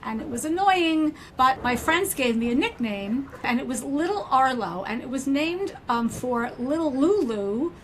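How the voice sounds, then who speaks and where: A woman in her sixties, chatting as a podcast guest and telling stories with lots of laughter. Her voice sits high, and there is faint noise in the recording. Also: a little slow, hardly any pauses. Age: 60s. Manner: lively storytelling, laughs often. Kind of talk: casual interview chat.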